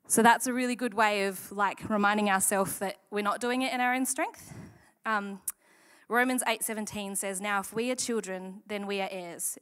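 A woman giving a casual, candid sermon talk at church, acting out quoted lines in a chatty way. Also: mid-range voice. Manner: chatty, candid, animated quoting. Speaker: church speaker.

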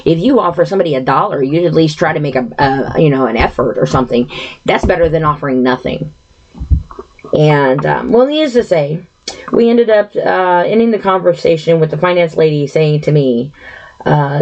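A woman talks straight to the camera about how her family was treated, drifting through fillers and asides as she builds her case. Her voice has a gravelly edge, and the recording sounds slightly muffled and lo-fi. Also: lowish voice, brisk, darkish tone. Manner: indignant, rambling with many fillers and asides. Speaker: vlogger telling a personal story. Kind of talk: casual storytelling monologue.

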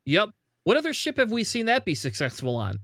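A man hosting a casual gaming chat, excitable and quick to laugh, swearing now and then. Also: high-pitched, dry recording, studio quality.

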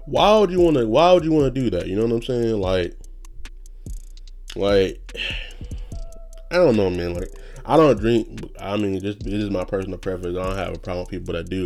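Rambling, profane young man, lowish voice. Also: a little mellow. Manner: rambling and profane, with sudden high-pitched outbursts. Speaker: podcast host. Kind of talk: casual solo rant.

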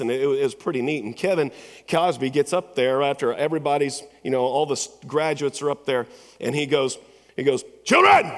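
A male pastor preaching a sermon in a church, telling stories conversationally with many restarts and repeated words. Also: mid-range voice. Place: church sanctuary. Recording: long church hall reverb.

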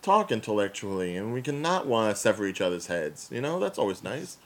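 A young man with a New Jersey accent, chatting casually as a podcast co-host, opinionated and quick to laugh. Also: fairly low pitch. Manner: animated, opinionated, laughs often. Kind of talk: casual chat.

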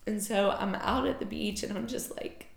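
A woman's voice: medium pitch, fairly even intonation, moderate pace, creaky. A woman candidly telling a personal story in an emotional, informal way, swearing casually. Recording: echoey room.

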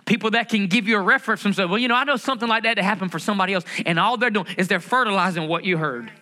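A middle-aged pastor delivers a sermon. His voice sits high and sounds bright and forceful. He drives points home by repeating phrases and putting questions to the congregation. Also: racing. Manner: emphatic preaching, repeats key phrases, asks the congregation questions.

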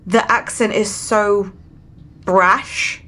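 A young woman with a British accent, co-hosting a podcast in fast, joking casual chat. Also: mid-range voice, steady tone, pushed and bright. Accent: British English. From England. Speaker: podcast co-host.

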